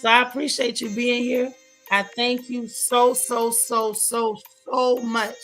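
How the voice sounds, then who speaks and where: A woman's voice: a little high, level tone, slow pace, a bit bright, soft background music. A woman hosting a casual gossip livestream, chatting with viewers in a sassy way and repeating lines for emphasis. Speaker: host of a gossip and TV recap livestream.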